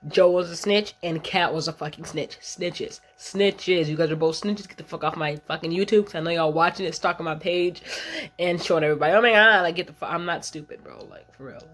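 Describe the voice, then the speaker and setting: A woman's voice: low voice, steady tone, fast talker. A woman in her thirties telling a long story in a casual vlog, blunt, slangy and full of swearing, often rambling off track. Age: 30s. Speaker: vlogger.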